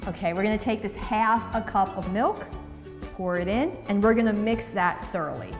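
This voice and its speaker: A woman's voice: mid-range voice, moderate pace, long reverb tail, over music. A woman from New Jersey, chatty and upbeat, talking through a recipe in a casual cooking vlog. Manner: chatty and upbeat, laughs easily.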